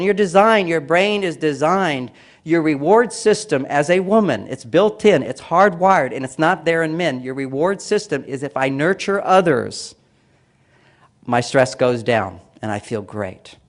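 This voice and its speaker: A man gives a lecture-style talk, speaking emphatically and repeating phrases. He acts out quoted voices, raising his pitch and adding emphasis.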